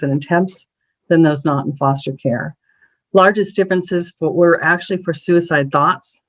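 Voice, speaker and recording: Measured presenter walking through survey slides. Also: medium pitch, low-quality recording. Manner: measured, explanatory, with frequent ums and small restarts. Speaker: presenter at an advisory council meeting.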